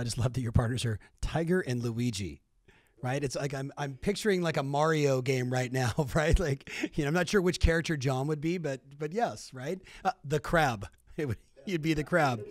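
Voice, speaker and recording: A man's voice: medium pitch, no room sound. Playful male podcast host. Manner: playful and joking with the guest. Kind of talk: casual chat.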